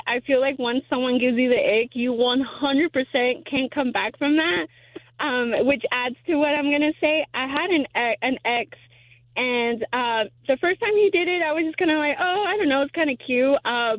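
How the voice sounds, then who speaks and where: High-voiced woman on a phone line. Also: no echo. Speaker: radio caller. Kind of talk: casual storytelling.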